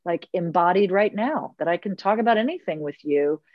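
A woman's voice: fairly low pitch, animated, normal speed, no echo. Earnest woman storyteller, lo-fi sound. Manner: earnest, reflective storyteller, acting out quotes. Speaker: podcast guest, circle facilitator. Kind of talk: podcast conversation. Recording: slightly dull, lo-fi audio.

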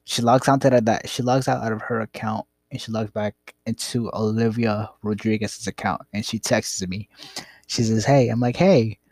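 A man's voice: on the low side, level tone, normal speed, darkish tone, no room sound. A young man casually telling a rambling, profane story about his past. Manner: rambling, profane, laid-back.

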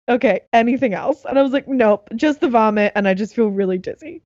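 A young woman telling a story in casual chat, animated and laughing, acting out what others said. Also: on the high side, a little fast, hardly any pauses, no echo, highs cut off. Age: young adult.

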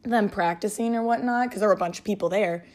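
A woman's voice: mid-range voice, fast talker. A woman hosting a casual solo podcast from home, rambling along with lots of fillers and amused by her own jokes. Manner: rambling, filler-heavy, chatty, amused by herself. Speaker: podcast host. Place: at home, alone.

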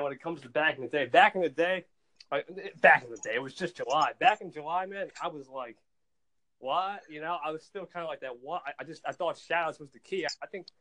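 Man, casual podcast host, higher voice, fired-up storyteller, trips over his words. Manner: excitable, animated storyteller; stumbles and repeats words. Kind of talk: casual chat.

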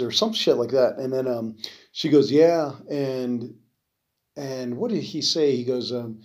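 A man's voice: medium pitch, unhurried. Man rambling loosely on a podcast. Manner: rambling, loose and profane, with many fillers. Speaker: podcast host. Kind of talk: casual solo podcast monologue.

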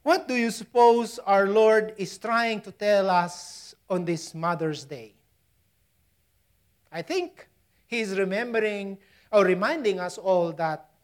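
A woman from the Philippines delivers a sermon with a Filipino accent and medium pitch. Her delivery ranges from loud emphasis down to near-whispers, with chuckles at her own asides.

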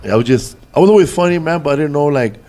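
A man's voice: on the high side, expressive, rapid-fire, dark tone. A comedian in his forties telling stories in casual chat, rambling, swearing freely and using loose street slang. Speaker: comedian guest.

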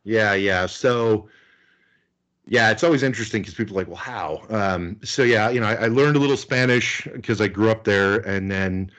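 His voice is on the low side and a bit bright, at a normal speed. A middle-aged man from the United States, he's a guest in an interview, chatting anecdotally with plenty of fillers.

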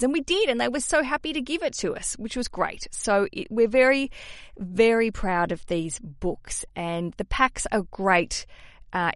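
A woman's voice: mid-range voice, dry recording. Young woman podcasting, chatty and bubbly, dry close mic, no room sound. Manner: chatty, animated, self-deprecating asides. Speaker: podcast host. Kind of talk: casual podcast talk.

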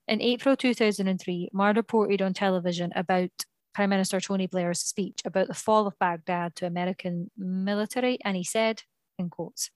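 A woman's voice: medium pitch, fairly even intonation, a little fast, no room sound. A woman, co-hosting a podcast and reading from notes, often stopping to correct herself and apologise. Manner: reads from notes, with frequent apologies, ums and self-corrections. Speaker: podcast co-host. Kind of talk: reading prepared notes in casual podcast talk.

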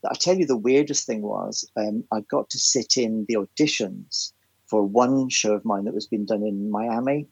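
Male guest, gravelly husky voice, rambling anecdotal delivery, dry close sound. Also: fairly low pitch, normal speed, darkish tone, dry recording, low-quality recording. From Ireland. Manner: chatty, anecdotal, many restarts and ums. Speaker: guest, theatre writer and composer. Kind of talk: casual podcast interview.

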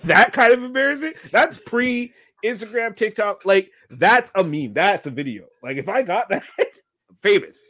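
A man in his thirties hosting a podcast, telling stories in a casual, animated way and acting out the people in them. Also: high-pitched, measured pace, no room sound, studio quality. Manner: animated, laughing storyteller acting out quotes. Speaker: podcast host. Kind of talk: casual storytelling chat.

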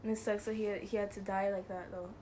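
A woman's voice: mid-range voice, flat delivery, quick pace, dark tone, slight background noise. A young woman co-hosting a podcast, chatting casually in a giggly, rambling way and apologizing often. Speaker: podcast co-host. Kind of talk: casual chat.

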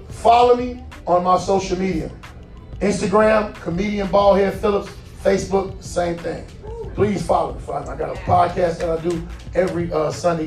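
Forties guy doing standup, high voice, cussing a lot, echoey hall, mic kinda far. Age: 40s. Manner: profane, animated storytelling with laughs. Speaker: stand-up comedian. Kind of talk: stand-up comedy story. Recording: roomy hall, distant mic, faint music.

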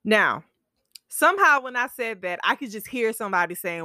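Her voice sits on the high side, animated, fairly quick and sharp, recorded studio-clean with no room sound. This young podcast host chats playfully in casual storytelling talk before offering sincere, heartfelt advice.

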